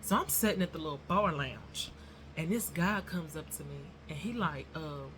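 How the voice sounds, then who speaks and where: A woman's voice: low-pitched, animated, normal speed, noisy background. A woman telling a rambling story to her viewers in a casual vlog, chatty and addressing them as y'all. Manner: self-described nervous and non-confrontational. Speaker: YouTuber.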